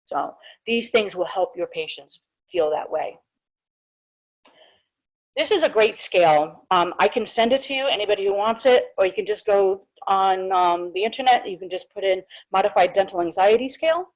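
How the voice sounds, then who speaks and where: A woman's voice: mid-range voice, normal speed, low-quality recording. A woman who is a dental hygienist presents a live webinar in a chatty, informal way, with many small asides. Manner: chatty, informal, frequent fillers and restarts. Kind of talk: casual live webinar talk.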